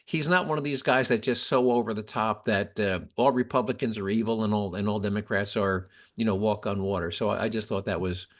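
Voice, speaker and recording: A man's voice: on the low side, fairly even intonation, fairly quick, hardly any pauses. A man hosting a casual political podcast, giving opinions and arguing with statistics. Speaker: podcast host.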